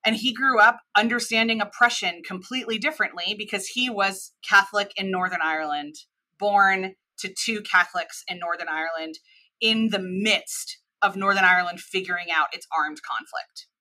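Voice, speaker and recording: A woman's voice: medium pitch, normal speed. A woman in her thirties with a mid-Atlantic American accent, explaining her ideas at length as a guest in a conversational interview. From United States. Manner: animated, expansive explainer. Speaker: podcast guest, cross-cultural expert.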